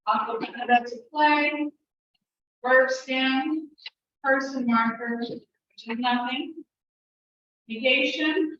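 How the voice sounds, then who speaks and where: A woman teaching a language class, explaining step by step and encouraging her students, sometimes talking fast when she gets excited. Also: high-pitched. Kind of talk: classroom instruction. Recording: echoey room, distant mic, muffled.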